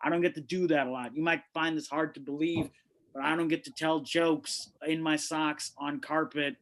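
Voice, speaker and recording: A man performs stand-up from his home over a video call, his voice sitting a little high. He punches out brash, swearing jokes in a quick rhythm. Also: fairly even intonation, a bit bright, low-quality recording. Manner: brash, punchy joke delivery with frequent swearing. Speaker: stand-up comic. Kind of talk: stand-up set at an online open mic. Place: home, indoors on carpet.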